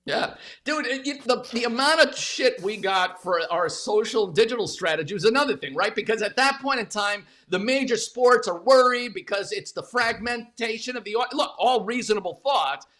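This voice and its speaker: Casting note: male guest, somewhat higher voice, blunt and emphatic, salty storytelling. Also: normal speed, hardly any pauses. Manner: emphatic, profane, repeats words when animated. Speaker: interview guest, former media executive. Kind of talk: candid conversational storytelling.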